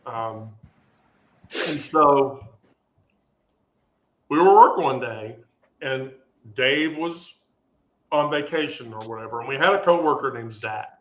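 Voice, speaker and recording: A man telling a rambling, animated story in casual chat, full of restarts and fillers. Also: mid-range voice, slow pace, long pauses. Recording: echoey room.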